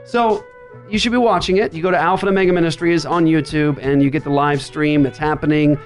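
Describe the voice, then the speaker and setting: A man hosting a Christian radio talk show from a makeshift studio, upbeat with quick banter. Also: on the high side, fairly even intonation, soft background music. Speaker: podcast host. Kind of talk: casual radio show chat. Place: makeshift studio writers' room.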